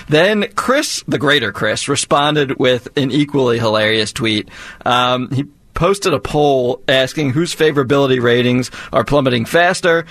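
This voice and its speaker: A man's voice: mid-range voice, fairly bright tone, no room sound. A man co-hosting a radio show, teasing his colleagues in a dry, casual way. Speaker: radio co-host. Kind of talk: casual studio banter.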